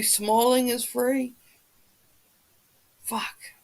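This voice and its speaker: A woman's voice: medium pitch, a little slow, gravelly, rough recording. A woman hosting a casual livestream, chatting with viewers and reading the chat, swearing freely as she talks. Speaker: livestream host.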